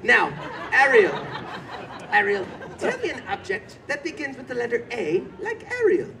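A man playing a showy, teasing old-Hollywood game show host who shouts to a street crowd. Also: extremely high pitch, sing-song, moderate pace, exaggerated voice. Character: showy male 1920s Hollywood emcee, teasing. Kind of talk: live street comedy show. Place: outdoor theme park street. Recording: distant, loud crowd and noise.

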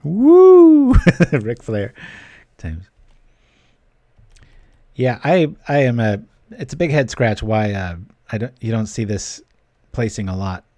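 A man's voice: on the low side, slow pace, long pauses, darkish tone, no echo, clean studio sound. Chatty man streaming a card game. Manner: chatty, joking, reads chat aloud. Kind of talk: casual gameplay commentary with chat.

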